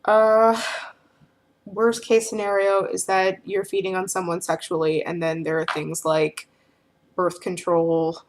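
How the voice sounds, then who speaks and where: A woman's voice: on the low side, level tone, unhurried. A woman talking casually to the camera, answering questions in a frank, rambling way full of filler phrases.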